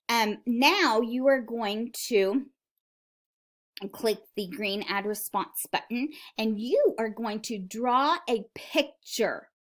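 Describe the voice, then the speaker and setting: A woman teacher in a recorded video lesson for young children, speaking in a sing-song, questioning way and calling herself by her own name. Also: mid-range voice.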